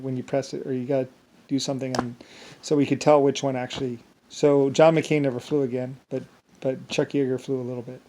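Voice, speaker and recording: Warm in tone and mid-range in pitch, this male solo vlogger rambles through a meandering monologue on his own, full of restarts and filler words.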